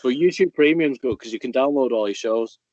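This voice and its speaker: A man's voice: mid-range voice, brisk, darkish tone, no room sound, muffled recording. Blunt man, dry close voice. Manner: blunt, opinionated, swears freely. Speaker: podcast co-host. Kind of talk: casual chat.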